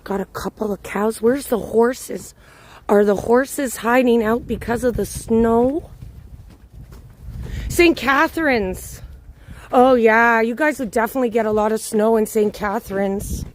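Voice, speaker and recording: Filming on a handheld phone during a snowy city walk, a woman hosts a live-stream walking tour, chatting and greeting viewers by name. Her voice is fairly high and her delivery a little slow.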